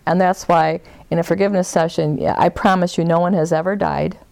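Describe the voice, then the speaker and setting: Warm, gravelly woman leading a workshop. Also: fairly low pitch, fairly even intonation, fairly quick. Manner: gentle and meandering, with soft laughs. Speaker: forgiveness workshop leader. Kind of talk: guiding a group session.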